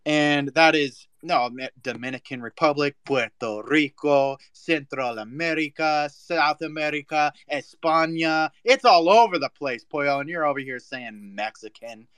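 Sarcastic guy on a voice chat, higher voice, dead dry audio. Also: measured pace, hardly any pauses, a bit bright, clear, resonant tone, no room sound. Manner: explaining, then teasing and sarcastic. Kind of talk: casual chat.

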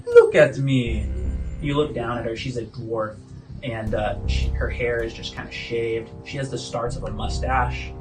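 A man narrating a tabletop role-playing game as game master in a casual way, with loud music behind. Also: mid-range voice, steady tone, moderate pace, distant mic, low-quality recording.

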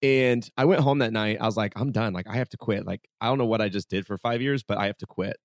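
A fast-talking man with a fairly low voice appears as a podcast guest, telling stories in an easygoing, animated interview. He performs the dialogue and says "like" repeatedly, and the recording has no room sound.

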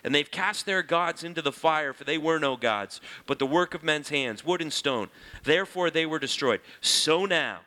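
A man teaching through a Bible passage in a lively, conversational way, reading scripture aloud and explaining it. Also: fairly high pitch, normal speed.

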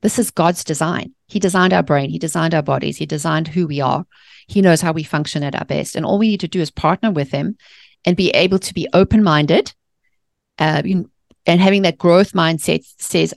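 A woman's voice: low voice, steady tone, a little fast, creaky, dry recording, clean studio sound. A woman guest author talking passionately on faith and the mind, ranting at times and acting out voices of the people she quotes. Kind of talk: animated faith-based interview talk.

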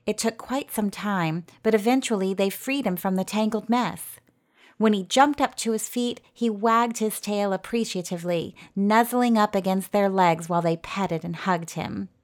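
A woman narrating a fairy tale in a gentle storytelling manner. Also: medium pitch, normal speed.

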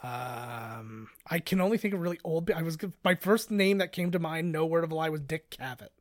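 Dry, higher-voiced rambling podcast guy. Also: a little fast, no echo. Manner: rambling, self-correcting, laid-back. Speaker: podcast co-host. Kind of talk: casual chat.

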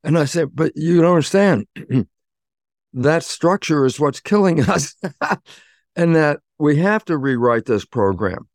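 A man, a guest in an interview, explaining in an animated way and acting out bits of dialogue. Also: a little high, takes it slowly, pauses often, no echo, clean studio sound. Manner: animated, acts out dialogue in quotes. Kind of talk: conversational explaining.

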